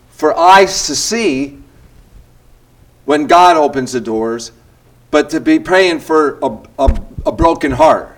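A man's voice: a little high, very animated, unhurried, creaky. An older man leading a church group session, talking in a casual, rambling way with restarts and self-deprecating asides.

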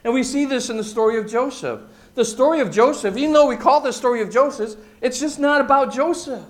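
A man preaching a sermon, using emphatic repetition and dropping from loud, stressed phrases to hushed asides. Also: extremely high pitch, brisk. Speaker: pastor.

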